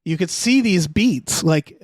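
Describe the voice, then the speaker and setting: A man's voice: high voice, animated, takes it slowly, a little mellow, dry recording. A man co-hosting a podcast, chatting casually about a film, profane and wry, acting out quoted people. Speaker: podcast co-host. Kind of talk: casual movie-review chat.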